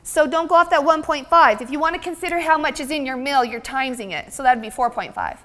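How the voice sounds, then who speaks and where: A high-voiced woman lecturing at a seminar, upbeat and chatty with the audience. Her voice rings with a long reverb through the hall. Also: lively intonation, fast, a bit bright. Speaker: nutrition seminar presenter. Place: seminar room.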